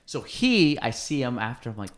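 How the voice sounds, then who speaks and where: A woman's voice: extremely low pitch, moderate pace, crowd noise. A woman hosting a podcast, telling a story in casual chat and acting out what people said. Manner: animated storyteller acting out quotes. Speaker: podcast host.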